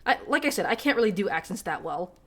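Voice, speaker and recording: A woman's voice: mid-range voice, big pitch swings, fast, a bit bright. A woman streamer giving casual, profane, self-deprecating commentary while reading game text aloud.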